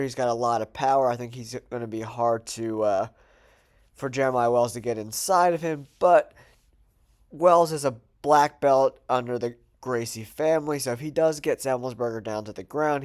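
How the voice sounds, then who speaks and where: A man's voice: medium pitch, moderate pace, darkish tone. Guy with a cold, nasal voice, casual chatty picks for his channel, talks it out as he goes. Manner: chatty, thinking aloud with fillers. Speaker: host. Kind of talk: casual betting predictions monologue.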